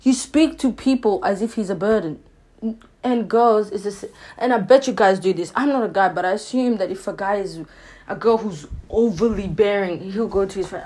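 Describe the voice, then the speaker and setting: Here a young woman runs her own podcast, offering dating advice in a casual monologue aimed squarely at listeners. She's opinionated and firm, often saying "you know what I'm saying," and her medium-pitched voice is warm and mellow, not bright, at normal speed in a loose, animated flow.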